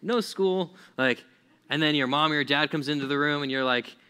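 A man's voice: a little high, little pitch movement, fast talker, sharp tone, clear, resonant tone. A man preaching a casual sermon to young listeners, chatty and full of "like" fillers, laughing often. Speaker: pastor.

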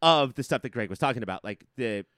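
An animated man in casual movie chat, acting out scenes with playful voices. His pitch swings widely. The sound is dry and close. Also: fast talker, clear, resonant tone, no echo. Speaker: podcast co-host.

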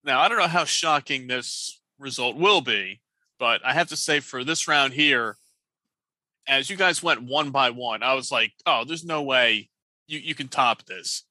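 Very bright-voiced male guest judge. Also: medium pitch, a little slow, no echo. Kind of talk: casual chat.

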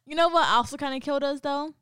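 A woman's voice: high-pitched, fast talker, a bit bright, dry recording, clean studio sound. A young woman in casual chat who tells stories and laughs often.

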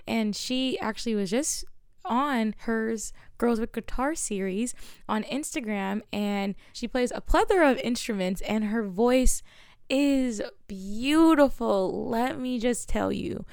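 Effusive woman podcast co-host, gravelly. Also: fairly high pitch, no echo, studio quality. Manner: effusive, warm thanks, drawn-out emphasis. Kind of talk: casual podcast chat.

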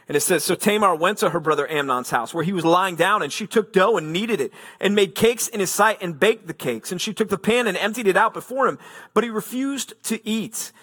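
A man's voice: sits high, a little fast, sharp tone. A man preaching a sermon as pastor, reading scripture aloud and then explaining it in an earnest, emphatic way.

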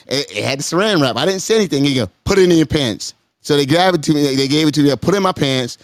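Talking quickly with few pauses, a man at a podcast mic tells his friends a long, animated story as a guest. He repeats words and says "hold up, hold up," and his pitch shoots way up when he plays the people involved. The recording is close and dry, with no room sound.

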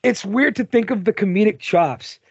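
A man co-hosting a podcast, chatting casually about a movie, animated and swearing with lots of "like" and "dude". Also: sits high, moderate pace, slightly rough, no echo, highs cut off. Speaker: podcast co-host. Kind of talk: casual film review chat.

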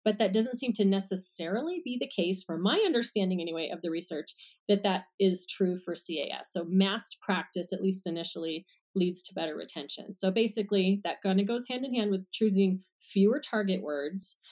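A woman's voice: medium pitch, brisk, darkish tone. Woman clinician, podcast guest: casual, friendly step-by-step explainer. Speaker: speech-language pathologist guest.

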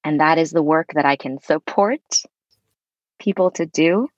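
Woman, deep voice, podcast guest, expressive, effusive, casual swearing, dull lo-fi recording. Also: a little slow, no echo. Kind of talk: conversational interview. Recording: dull lo-fi sound.

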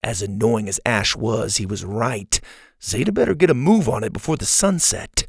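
A man narrating a children's storybook in a lively, expressive way. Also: on the low side, normal speed, vocal fry, breathy edge, dry recording, studio quality. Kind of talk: storybook read-aloud narration.

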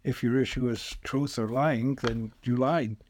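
A man, a spiritual healer, speaking as a podcast guest and telling lively anecdotes, acting out the quoted voices. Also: mid-range voice, a little slow, a little hiss or hum. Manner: animated anecdotes, acts out quoted voices, chuckles often. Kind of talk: casual storytelling interview.

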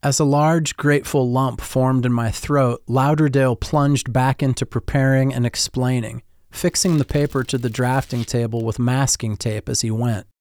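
A man's voice: medium pitch, fairly even intonation, normal speed, hardly any pauses, darkish tone, no echo. Man narrating a story in first person. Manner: reflective, wry, descriptive.

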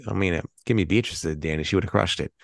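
A man co-hosting a casual movie podcast, animated and teasing, with a lot of swearing. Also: sits low, racing, creaky, no echo, clean studio sound. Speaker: podcast co-host. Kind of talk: casual chat.

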